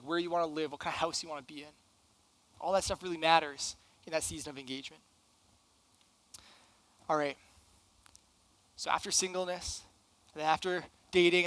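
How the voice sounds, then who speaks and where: A man's voice: high-pitched, a bit bright, no echo, low-quality recording. A man, a young adults pastor, preaching an earnest sermon full of rhetorical questions and emphatic points.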